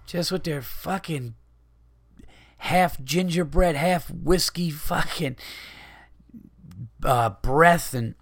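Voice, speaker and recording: A man's voice: fairly high pitch, slow, long pauses, dry recording, studio quality. A man, a comedian hosting his podcast, telling a rambling, profane story in a casual monologue.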